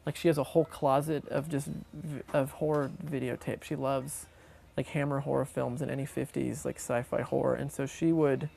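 A man's voice: mid-range voice, little pitch movement, moderate pace, gravelly, warm tone. A man rambling about his movie collecting in a documentary interview. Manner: rambling, self-correcting.

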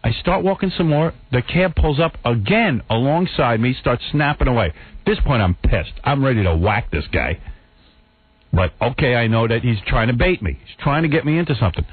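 A man's voice: animated, moderate pace, breathy edge. A male radio host telling an exasperated story in a casual talk-show chat, acting out what people said. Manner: exasperated, acts out quotes in a higher voice. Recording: phone-like narrow radio sound.

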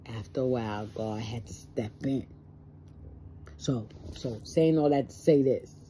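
A woman's voice: rumbling low, measured pace, warm tone, slight background noise. A stressed woman talking plainly and emotionally in a personal vlog, acting out both sides of conversations. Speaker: vlogger. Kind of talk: personal monologue to camera.

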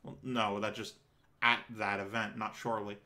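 Young male let's-player, casual commentary, jokes and swears, bright voice. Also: fairly low pitch, flat delivery, moderate pace. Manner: joking, swears, laughs at the script. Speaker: let's-play streamer. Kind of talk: casual commentary while reading a visual novel.

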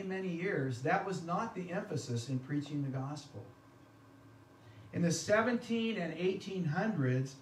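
A man's voice: high voice, a little hiss or hum. A man pastor delivering a conversational sermon, often putting questions to his congregation. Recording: echoey room from a distance.

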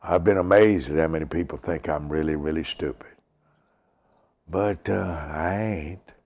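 An older male preacher with a very deep, gravelly voice. He talks slowly and with emphasis, repeating lines and sometimes sinking to a whisper. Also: darkish tone. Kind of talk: sermon with prayer.

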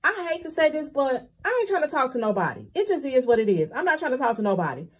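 A young woman talks straight to her viewers in a candid, chatty way. Her voice sits high and she keeps calling them y'all. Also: big pitch swings, quick pace, slightly rough. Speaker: couponing vlogger. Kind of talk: casual chat to viewers.

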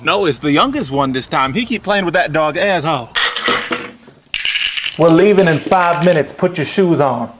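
Guy doing a stern scolding parent voice, deep and bossy, hissy audio. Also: lively intonation, normal speed, close to an everyday voice. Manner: scolding, sharp commands. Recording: noisy background hiss.

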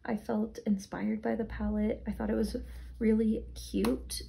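Young woman, tired, rambling casual review, gravelly fry, mellow tone. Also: mid-range voice, little pitch movement, a little slow. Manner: chatty, rambling, frequent "like" and "um". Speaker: beauty vlogger.

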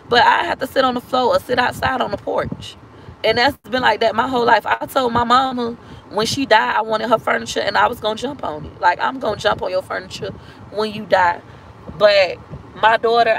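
A woman's voice: fairly high pitch, vocal fry, fairly bright tone, a little hiss or hum, low-quality recording. A woman in her thirties venting bluntly and with plenty of profanity in a casual vlog. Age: 30s. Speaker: vlogger.

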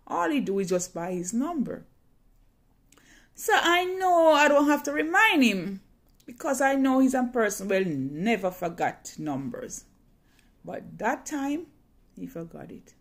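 A woman's voice: on the high side, sing-song, measured pace. A woman telling a personal story in a dramatic, emotional way, often repeating phrases.

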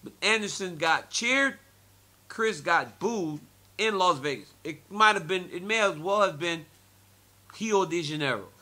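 This is a man in his forties answering reporters' questions, and his voice is bright and sits a little high. He talks in an animated way, laughs often and repeats phrases as he tells his stories. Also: unhurried, slight background noise. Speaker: interviewee, former fighter and commentator. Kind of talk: media scrum interview.

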